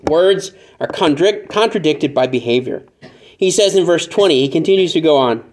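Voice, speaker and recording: A man preaching a conversational sermon, teaching from scripture with joking asides and animated acted-out examples. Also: fairly high pitch, normal speed. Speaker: pastor.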